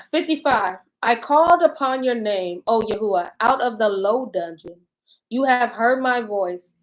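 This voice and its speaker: A woman with a fairly high voice reads scripture aloud at a slow, careful pace. Between verses she drops into loose, lively chat about what she has read. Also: poor audio. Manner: reads verses slowly, then chats in animated bursts. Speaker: co-host reading and discussing scripture. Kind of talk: scripture reading and casual discussion.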